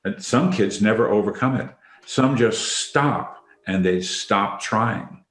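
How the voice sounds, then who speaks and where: A man's voice: on the low side, takes it slowly, a bit bright. A man hosting a leadership podcast, reflecting on the topic and inviting each guest in by name. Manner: reflective, affirming, asks others by name. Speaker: podcast host, leadership facilitator. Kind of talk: conversational discussion. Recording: roomy echo.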